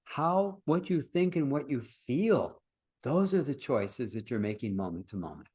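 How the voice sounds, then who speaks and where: A man's voice: medium pitch, big pitch swings, a little slow, a little mellow, slightly rough. An older man, a workshop founder and teacher, talking casually in an interview as an earnest, reflective storyteller.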